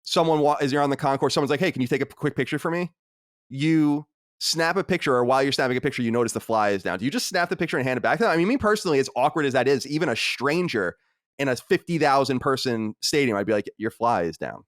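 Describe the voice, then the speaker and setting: Brief: male podcast co-host, lively swinging pitch, dry close sound, argumentative casual chat. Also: fast, no room sound. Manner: animated, argumentative, reads listener mail aloud.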